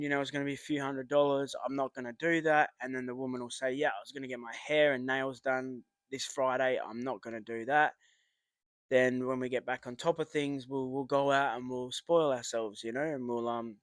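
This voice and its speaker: A man's voice: medium pitch, a bit bright, no echo. A man talks straight at the listener in a casual advice monologue, rambling and swearing as he goes. He uses blunt, matey slang and acts out remembered arguments. His voice sits in a middling range and sounds dry and close, with no room around it. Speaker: vlogger giving relationship advice.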